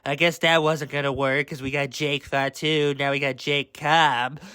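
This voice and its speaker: A man's voice: a little high, little pitch movement, normal speed, pushed and bright, clean tone, no room sound. A young man angrily ranting through a review of a wrestling show, swearing and exasperated. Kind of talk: angry rant review.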